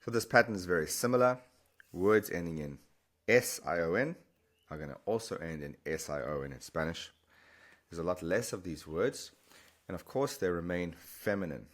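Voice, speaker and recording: Deep-voiced man teaching a language lesson. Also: animated. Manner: patient, repeats words slowly for the learner. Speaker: Spanish teacher.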